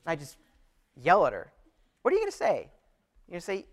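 A man with a high voice preaches to his congregation. He talks in an earnest, conversational way and often trips over and restarts his phrases as he works through a passage. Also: wildly swooping pitch, moderate pace, pauses often. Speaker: pastor. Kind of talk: sermon.

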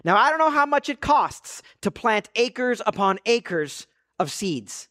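A man's voice: sits high, big pitch swings, unhurried, bright, forceful tone. A man, a pastor preaching an earnest, conversational sermon full of rhetorical questions.

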